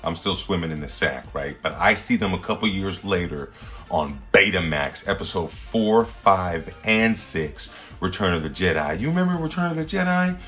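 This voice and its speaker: A man, a standup comedian hosting his own show, rambling through a slangy, playful comedic monologue with sudden loud jumps. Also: low voice, animated, moderate pace, faint music behind.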